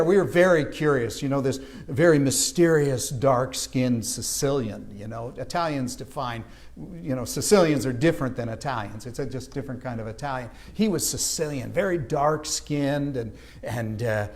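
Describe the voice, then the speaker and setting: In the church sanctuary, a Canadian pastor with a medium-pitched, gravelly voice recounts a story from his childhood mid-sermon, animatedly performing the voices of the people involved.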